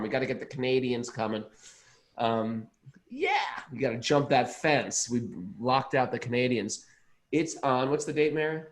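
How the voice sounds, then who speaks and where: A man's voice: mid-range voice, moderate pace. An enthusiastic man, a podcast co-host chatting casually and rambling over his own words. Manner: enthusiastic, rambling, self-interrupting. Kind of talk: casual chat.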